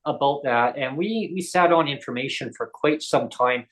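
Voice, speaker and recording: A man's voice: medium pitch, normal speed, fairly bright tone. A man who is a disability advocate, telling stories in a casual podcast chat and acting out the dialogue he quotes.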